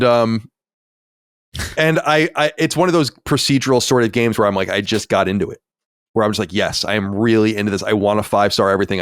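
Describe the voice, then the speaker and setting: A man in his forties with a low, smooth, resonant voice hosts a casual podcast. He rambles candidly, with plenty of fillers and asides. The sound is close and dry. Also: no room sound. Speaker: podcast host.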